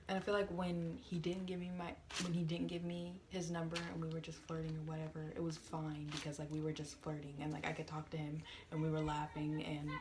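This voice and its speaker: A woman's voice: sits low, completely flat delivery, a little fast, hardly any pauses, background noise. A young woman telling a work story to her camera in a chatty, exasperated way, full of fillers. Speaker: vlogger. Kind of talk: casual storytime vlog.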